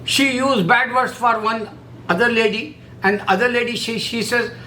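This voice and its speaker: A man speaking halting, repetitive in a casual monologue, full of fillers. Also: very high voice, steady tone, bright, forceful tone, a little hiss or hum, poor audio. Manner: halting, repetitive non-native English with many fillers. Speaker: religious video maker.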